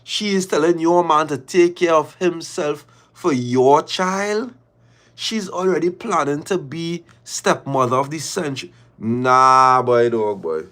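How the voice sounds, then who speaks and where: A man hosting a livestream, reading viewer confessions aloud and reacting with drawn-out exclamations and slang. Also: on the high side, fairly bright tone. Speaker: livestream host.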